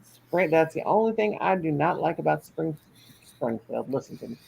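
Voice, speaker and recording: A woman's voice: deep voice, lively intonation, normal speed, vocal fry, darkish tone, a little hiss or hum, low-quality recording. An older woman hosting a casual livestream at home, chatty and folksy, reading comments aloud and laughing often. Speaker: livestream host.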